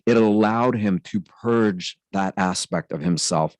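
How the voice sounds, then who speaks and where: Man hosting his own channel, earnest testimony, low voice, dry close sound. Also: a little slow, darkish tone, dry recording, rough recording. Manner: earnest, intense, speaks in spiritual terms. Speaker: spiritual channel host. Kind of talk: personal testimony monologue.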